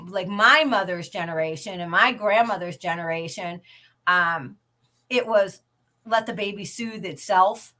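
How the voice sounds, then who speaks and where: Woman, 50s, podcast host type, sharp bright tone, talkative and meandering. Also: medium pitch, measured pace. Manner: chatty and rambling with many restarts. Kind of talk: casual chat.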